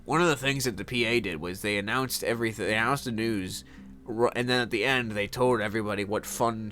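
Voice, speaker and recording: A man's voice: medium pitch, fairly bright tone. A young man casually telling rambling stories, swearing often, laughing and mimicking people he met. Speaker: host. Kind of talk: casual storytelling.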